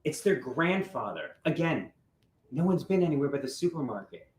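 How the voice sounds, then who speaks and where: A man playing an insistent divorced father who is quick to anger, in acted drama dialogue. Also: on the high side, very animated, a little mellow. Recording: roomy with faint noise.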